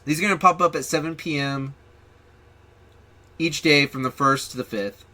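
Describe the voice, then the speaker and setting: A man's voice: a little high, moderate pace, sharp tone. A man hosting his own gaming channel, chatting casually and rambling with ums and restarts. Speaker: channel host.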